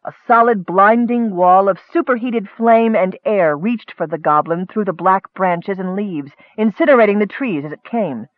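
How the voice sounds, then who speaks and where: A man narrating a fantasy story in steady storytelling, lifting his voice for action. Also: high-pitched, moderate pace, hardly any pauses, no echo. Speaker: audiobook narrator. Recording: dry, tinny phone-like sound.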